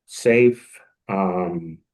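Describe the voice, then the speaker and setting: A man's voice: low voice, extremely slow, a little mellow, poor audio. Reflective man thinking aloud. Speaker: podcast co-host. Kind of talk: casual podcast conversation.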